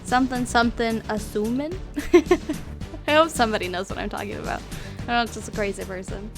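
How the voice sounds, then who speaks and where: A woman streaming a story game, reading it aloud with soft, giggly, rambling asides. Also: on the high side, fairly quick, over music. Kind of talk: let's play commentary.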